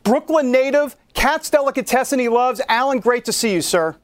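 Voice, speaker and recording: A man's voice: very high-pitched, moderate pace. A man hosting a broadcast talk show, joking playfully as he hypes each segment.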